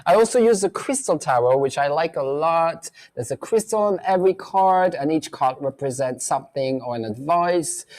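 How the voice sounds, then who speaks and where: A man's voice: fairly high pitch, a little mellow. A man hosting a weekly live psychic show, chatting casually and rambling with lots of fillers and asides. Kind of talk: casual live-stream chat. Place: indoor room, filming at home.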